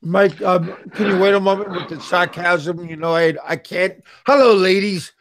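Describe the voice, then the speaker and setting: A middle-aged man hosting a casual live stream, chatting with callers in a halting way, often repeating his words. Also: high-pitched, little pitch movement. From USA. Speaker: streamer host.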